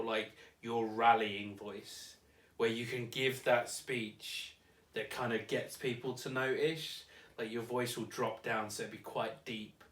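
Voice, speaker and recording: A young man talks in a loose, rambling way, hedging every other phrase and breaking into laughs. His pitch sits in the middle range. He sounds distant from the mic in an echoey room. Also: a bit bright. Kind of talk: casual chat.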